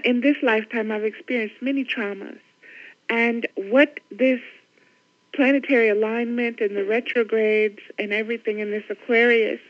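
A woman calling in to a spiritual radio show, speaking in an earnest, effusive, measured way. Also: fairly high pitch, no room sound, muffled recording. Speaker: radio caller. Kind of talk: earnest spiritual call-in talk.

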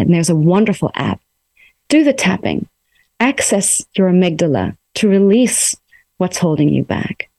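Woman, emotional wellness coach, gentle and coaxing, lowish voice, dry close sound. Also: dry recording. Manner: gentle, coaxing, models self-talk aloud. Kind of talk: guided self-help talk. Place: home room.

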